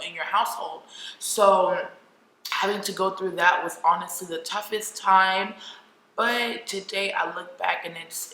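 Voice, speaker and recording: A woman's voice: fairly low pitch, pushed and bright. A young adult woman vlogger telling a personal story candidly and emotionally, with lots of "like" fillers. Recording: echoey room with faint noise.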